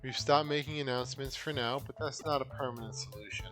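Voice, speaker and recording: A man voicing a worried aquarium manager in a video game, polite and pleading. His voice sits in a middle pitch. Game music plays clearly behind him. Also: fast, a bit bright, close to an everyday voice.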